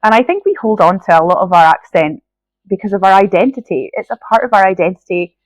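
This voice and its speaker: A woman's voice: mid-range voice, lively intonation, fast talker, dry recording, low-quality recording. A woman with a Scottish accent hosting a solo podcast, sounding nasal from a cold, earnest and encouraging as she talks straight to the listener. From Scotland. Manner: earnest, encouraging, addresses listener directly with frequent "right?". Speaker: podcast host.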